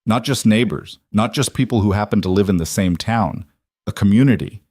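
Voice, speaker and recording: A man narrating a western story in a steady, measured storytelling manner. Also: lowish voice, no room sound, studio quality. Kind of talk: scripted audiobook narration.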